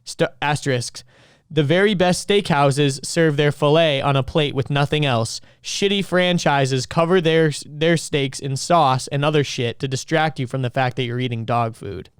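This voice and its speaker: Smooth, slightly high-voiced male podcast co-host. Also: dry recording, studio quality. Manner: quick to laugh, joking banter. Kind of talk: casual podcast chat.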